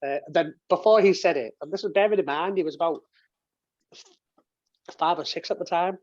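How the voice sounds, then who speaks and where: A man's voice: on the high side, normal speed, a little mellow, muffled recording. A man in his thirties telling a personal story as an interview guest, rambling with restarts and swearing, on a video call from his home office. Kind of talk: casual storytelling. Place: home office and games room.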